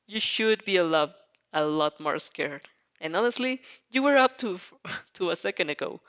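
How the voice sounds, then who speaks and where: A woman's voice: lowish voice, lively intonation, normal speed, a bit bright. A woman reading fanfiction aloud in a casual manner, stumbling over words now and then and breaking into her own reactions. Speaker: fanfic reader.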